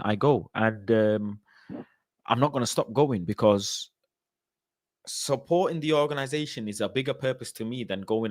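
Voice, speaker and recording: A man's voice: on the low side, no echo. Guy running a call-in stream, emphatic, keeps repeating himself, dry close sound. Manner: emphatic, repeats points for stress. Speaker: call-in show host. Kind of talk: casual chat reading viewer comments.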